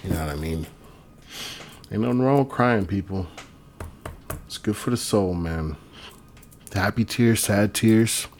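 A man's voice: lowish voice, measured pace, pauses often, a little mellow, slight background noise. A man talking in a loose, rambling, profane casual monologue. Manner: rambling, profane, laid-back. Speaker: vlogger.

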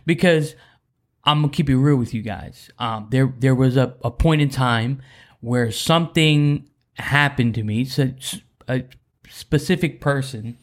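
A man sharing a candid personal story in a faith talk, earnest and rambling, with many restarts. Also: medium pitch.

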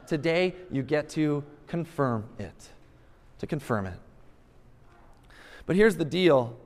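A man's voice: a little high, long reverb tail. A male pastor preaching a sermon, emphatic and repeating rhetorical questions to press his point.

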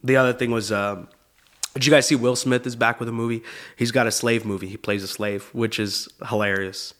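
A man's voice: medium pitch, fairly even intonation, a little fast, a bit bright. A male comedian hosting his show, riffing in a loose, profane monologue that is full of "dude". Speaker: comedian host.

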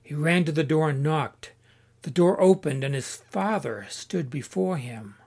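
Man narrating a story, slightly high voice. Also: lively intonation, unhurried, vocal fry, darkish tone, slightly rough. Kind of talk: scripted audiobook narration.

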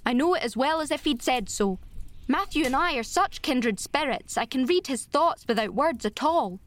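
A woman's voice: high-pitched, animated, normal speed. A woman reading an audiobook, voicing an imaginative, talkative girl who speaks effusively and dramatically. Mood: eager.

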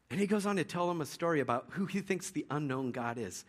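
Man, pastor, sermon, conversational storytelling, slightly high voice, frequent restarts. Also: expressive, normal speed, few pauses.

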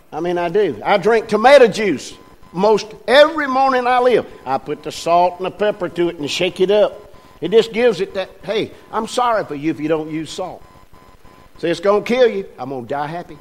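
An older man preaches in a homespun, storytelling way. His voice sits high for a man and keeps drawing the congregation in with questions. Soft music plays quietly behind him. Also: very animated, normal speed. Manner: folksy, chatty, asks the congregation questions. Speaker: pastor. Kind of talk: folksy storytelling sermon. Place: church sanctuary.

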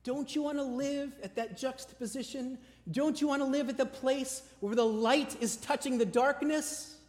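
A male pastor preaching a sermon with emphatic repeated lists, dropping to a soft conversational tone when he tells stories. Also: extremely high pitch, fairly even intonation, normal speed. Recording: long hall reverb.

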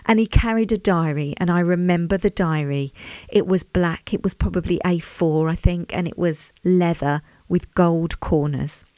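A woman hosts a podcast, telling a personal story in a chatty, reflective way and turning often to speak straight to her listeners. Her voice sits a little low for a woman. The recording is dry, with no room sound around her. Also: normal speed, darkish tone, no room sound. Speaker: podcast host. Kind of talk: casual storytelling monologue.

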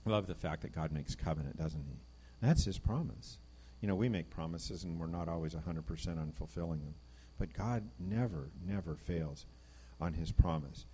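A middle-aged man giving an informal Bible teaching, reading passages and talking them through with lively emphasis. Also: low voice, normal speed, slight background noise. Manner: conversational, reads scripture aloud, animated emphasis. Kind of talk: informal sermon.

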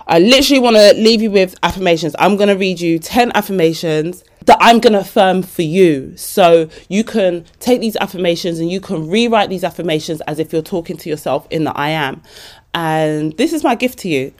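A woman with a fairly low voice hosts a podcast, talking casually and motivationally. She is animated and chatty, breaking into laughter often. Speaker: podcast host.

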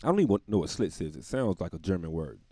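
A tired man rambling through a casual comedic monologue, laughing often and breaking into loud put-on voices. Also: sits low, sing-song, fast talker, dry recording, clean studio sound. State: dog tired.

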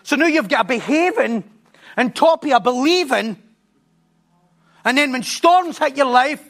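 A man preaching a sermon, telling a story with animated repetition and stumbling restarts. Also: very high-pitched, measured pace.

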